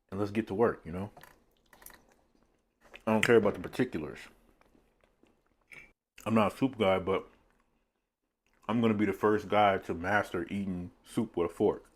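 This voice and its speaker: A man talking casually while eating a meal on camera. He rambles from one thought to the next and chuckles often at his own remarks, recorded on a phone set on a tripod. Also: lowish voice. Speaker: mukbang vlogger. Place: seated indoors at a meal.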